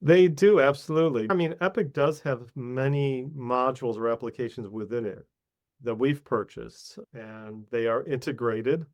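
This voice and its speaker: A male interview guest with a mid-pitched voice. He answers earnestly and matter-of-factly, working through lists of examples one by one. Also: normal speed. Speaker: guest, hospital integration architect.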